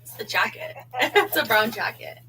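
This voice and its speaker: A woman's voice: on the high side, normal speed, sharp tone, slight background noise, low-quality recording. A woman hosting a casual livestream, chatting loosely with lots of fillers as she looks through clothes. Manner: chatty, giggly, fillers like "um" and "you know". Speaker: livestream host. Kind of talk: casual chat while unboxing clothes.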